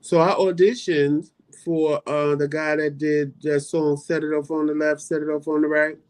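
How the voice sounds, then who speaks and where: A man co-hosting a casual chat and telling a story with animated, dramatic flair and playful asides. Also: a little high, normal speed, clean tone. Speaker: co-host.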